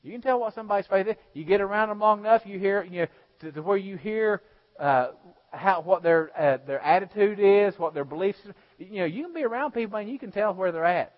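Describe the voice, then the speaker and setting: A male pastor preaching a sermon, swinging between loud exhortation and hushed storytelling. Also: sits high, expressive, brisk. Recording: dull lo-fi sound.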